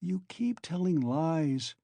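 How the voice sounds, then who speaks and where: A man's voice: a little high, lively intonation, normal speed, gravelly, dark tone, no room sound. A man voicing a feverish young male former student who speaks in a strained, defensive way. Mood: bitter. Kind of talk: audiobook character reading.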